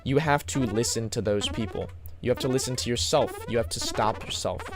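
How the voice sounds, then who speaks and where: A man streaming live, chatting casually and reacting in quick, slangy bursts. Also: mid-range voice, music in the background.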